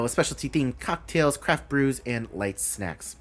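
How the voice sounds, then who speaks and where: A man's voice: medium pitch, lively intonation, measured pace, few pauses, soft background music. A man hosting a live stream, reading out announcements and thinking aloud with a rambling, casual manner.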